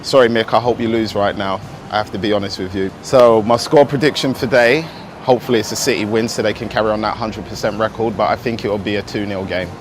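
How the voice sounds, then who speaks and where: A man's voice: fairly low pitch, steady tone, quick pace, a little hiss or hum. A man giving an upbeat, chatty on-location report back to the studio from outdoors at an event abroad. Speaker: club ambassador reporting on location.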